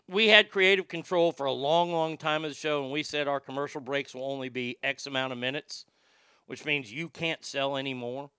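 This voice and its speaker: Gravelly, bright-voiced male ex-radio host. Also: on the high side, no room sound, studio quality. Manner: animated, swearing freely, laughing. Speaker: former radio host reading viewer comments. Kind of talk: casual storytelling livestream.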